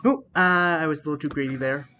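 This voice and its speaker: A man's voice: a little high, fast, sharp tone, a little hiss or hum. A man giving casual commentary while streaming a game, reacting aloud and talking to his chat.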